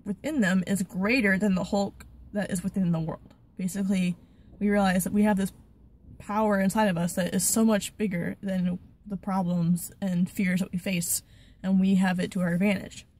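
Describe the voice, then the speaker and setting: Woman, casual Bible study host, chatty, animated, mid-pitched voice. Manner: chatty, animated, with quick restarts. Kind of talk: casual Bible story retelling.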